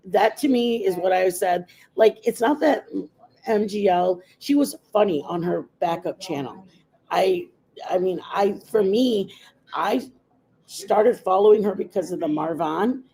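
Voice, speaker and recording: A woman's voice: lowish voice, unhurried, mellow, poor audio. A woman hosting a casual makeup livestream, chatting in a rambling, opinionated way. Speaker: livestream host.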